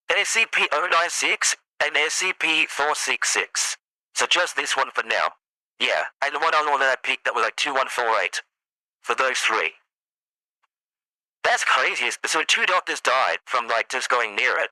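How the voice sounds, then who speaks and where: A man's voice: mid-range voice, lively intonation, normal speed, bright, forceful tone, no room sound, rough recording. A man hosting a live stream, casually chatting and reading documents aloud. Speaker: streamer host.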